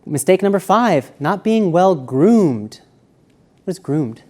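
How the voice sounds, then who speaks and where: A man giving a live seminar lecture, walking around and shifting between quiet, slow speech and loud emphasis. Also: sits high, big pitch swings. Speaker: seminar presenter. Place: university seminar room.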